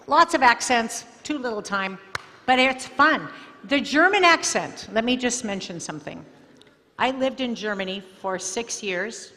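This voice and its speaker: A woman storyteller and singer answering student questions at a school assembly in a chatty, expressive way. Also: a little high, unhurried, slight background noise. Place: school auditorium. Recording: long hall reverb, faint music.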